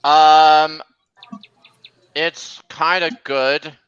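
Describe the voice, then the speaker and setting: Bright, chatty male streamer. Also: a little high, level tone, extremely slow, clear, resonant tone, no room sound, dull audio. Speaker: streamer hosting a gameplay chat. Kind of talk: casual livestream chat over gameplay.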